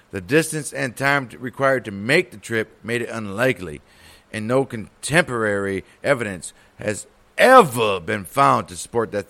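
Creaky and sharp-toned at a medium pitch, this man co-hosts a history podcast, swearing and wandering off-topic while playing out made-up scenes in loose, casual banter.

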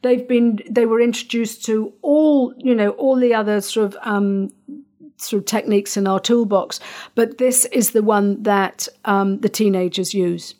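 A middle-aged woman, hosting a parenting podcast and talking gently through a calm breathing exercise, with many fillers and restarts. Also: medium pitch, a little slow. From Northern Ireland. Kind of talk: calm guided instruction.

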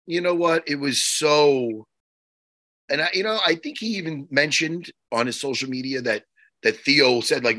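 A man co-hosting a podcast in casual chat, jokey and animated, acting out little scenes as he talks. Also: mid-range voice, moderate pace, no room sound, rough recording. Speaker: podcast co-host.

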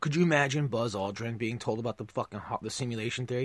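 A man hosting a podcast, delivering a profane comedic rant that swings between loud outbursts and low mutters. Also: fast, dry recording.

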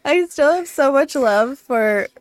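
A woman's voice: sits high, lively intonation, slow pace. A woman guest from a comedy club, chatting casually and telling nostalgic stories with laughs. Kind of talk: casual chat.

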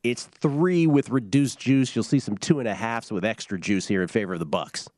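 A man's voice: mid-range voice, normal speed, darkish tone, no room sound, studio quality. A man hosting a sports betting show, upbeat and steering the segment. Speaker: host.

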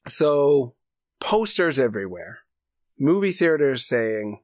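A man co-hosting a podcast riffs through an improvised comedy story, laughing as he goes. His pitch swings widely and the sound is dry and close. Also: a little slow, no room sound. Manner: rambling, laughing, animated. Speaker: podcast co-host.

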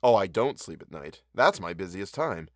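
A man's voice: deep voice, very animated, no room sound, clean studio sound. A man doing a lazy, patronizing feral boy. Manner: slow, relishing, languid drawl.

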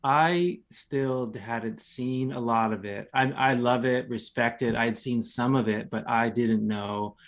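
A man in his forties speaks in a gravelly, slightly creaky voice at an ordinary pitch for a man. He is a podcast guest who tells loose, rambling stories, filled with "you know" and some casual cursing. His manner is relaxed and chatty. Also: takes it slowly, few pauses. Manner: rambling, laid-back storytelling full of "you know"; swears casually. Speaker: podcast guest, reality competition champion.

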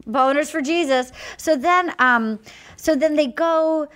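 A woman's voice: high voice, takes it slowly, a crowd in the background. A woman co-hosting a podcast, chatting casually and laughing as she recaps a dating show and acts out the people in it. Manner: animated, laughing, acts out quotes in voices. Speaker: podcast co-host.

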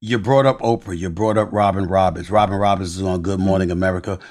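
A man's voice: low voice, fairly even intonation, a little mellow. Emphatic man hosting an interview. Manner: emphatic, building in intensity, drawn-out phrasing. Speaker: podcast host.

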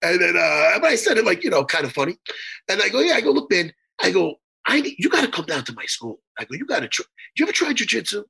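Raspy, animated man telling a rambling story. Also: sits high, fast. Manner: rambling, profane, stammering restarts; animated, laughing bursts. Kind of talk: casual comedic storytelling chat.

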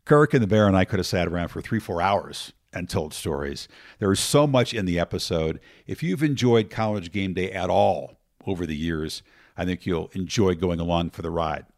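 A man hosting a podcast, reading a measured introduction to the next guest. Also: low-pitched, expressive, dry recording, clean studio sound. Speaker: podcast host. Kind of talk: scripted introduction.

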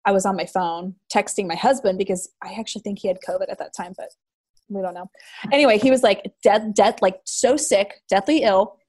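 A woman's voice: medium pitch, a little fast. Bubbly woman telling travel stories. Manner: bubbly, lively storyteller, frequent "like". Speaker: guest, cheese shop owner. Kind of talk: casual chat.

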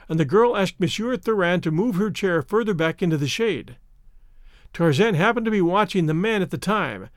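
A man narrating an adventure novel in an expressive, theatrical reading. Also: high-pitched, no room sound, studio quality. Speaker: audiobook narrator. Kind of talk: scripted narration.

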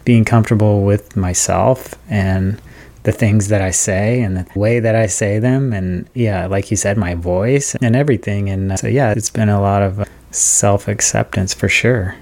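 A man co-hosting a podcast in casual chat, with a smooth, even, relaxed way of talking. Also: on the low side, moderate pace. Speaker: podcast co-host.

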